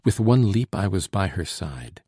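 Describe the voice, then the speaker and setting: A man narrating an audiobook in a measured, expressive storytelling manner. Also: low voice, breathy edge, no echo, clean studio sound.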